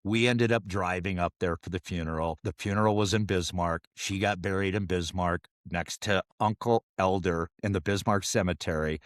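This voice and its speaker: A middle-aged man co-hosting a podcast, telling family stories in a joking, animated way. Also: sits low, normal speed, hardly any pauses, dry recording, studio quality. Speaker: podcast co-host. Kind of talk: casual storytelling chat.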